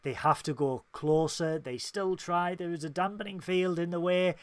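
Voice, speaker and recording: Co-host, higher-pitched, dry close sound, acts out lines with gusto. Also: male voice, normal speed, dry recording. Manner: animated, acts out character lines, swears freely. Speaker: podcast co-host. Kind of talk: casual review chat.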